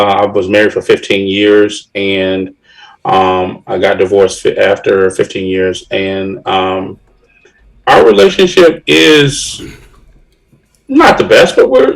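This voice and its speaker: Relaxed podcast host, lowish male voice. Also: creaky, low-quality recording. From upstate New York. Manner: relaxed, with frequent fillers and laughs. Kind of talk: casual podcast chat.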